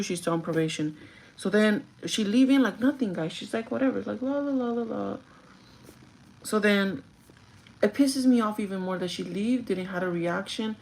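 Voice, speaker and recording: A young woman vlogger casually telling a story from her job, animated, acting out the quotes and swearing freely. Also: lowish voice.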